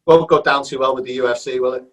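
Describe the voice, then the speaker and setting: A man hosting a podcast, talking casually in a halting, rambling way. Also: medium pitch, fairly even intonation, poor audio. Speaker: podcast host.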